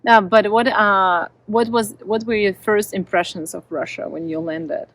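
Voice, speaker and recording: A woman's voice: mid-range voice, unhurried, fairly bright tone, rough recording. A woman interviewing a guest, asking curious questions in a casual, friendly conversation. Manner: curious, asks questions with light laughter.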